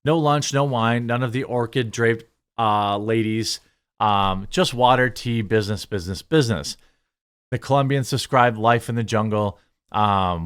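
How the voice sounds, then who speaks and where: A man hosting an online commentary video, reading article excerpts aloud and answering them with mocking, indignant remarks. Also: mid-range voice. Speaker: commentary channel host.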